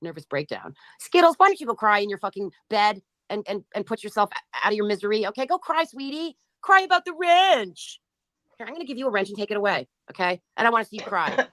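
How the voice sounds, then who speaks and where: A woman's voice: medium pitch, very animated, fast talker, fairly bright tone, dry recording. A woman hosting a livestream who reads out chat comments and answers them in a mocking, profane and taunting way. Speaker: livestream host.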